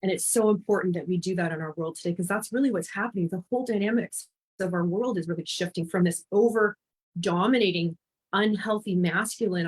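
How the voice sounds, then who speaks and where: A woman from Canada talks as a podcast guest, speaking in an earnest, heartfelt way. Her voice sits at a middle height for a woman, neither high nor low. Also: fairly quick, slightly rough. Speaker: guest, intuitive life and business mentor. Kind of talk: podcast interview.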